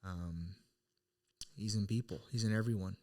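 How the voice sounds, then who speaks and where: A man's voice: lowish voice, fairly even intonation, moderate pace, darkish tone. A middle-aged man co-hosting a podcast, earnestly telling a personal story in a casual, reflective way, with many restarts. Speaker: podcast co-host.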